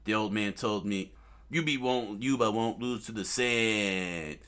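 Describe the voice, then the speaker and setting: An excitable young pirate hero who peppers everything with casual slang, put on by a man reading a comic aloud. The voice sits low and moves at an unhurried pace. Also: clean tone. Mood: determined. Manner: slangy, excitable surfer-like talk. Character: brash young male pirate hero, cheerful, says dude.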